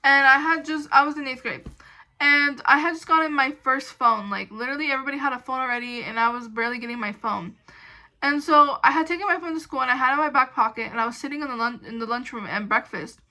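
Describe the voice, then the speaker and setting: A woman's voice: high voice, quick pace, bright, forceful tone, low-quality recording. A young woman telling a storytime vlog in a casual, rambling way, full of "like" and restarts, indignant as she recounts. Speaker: storytime vlogger.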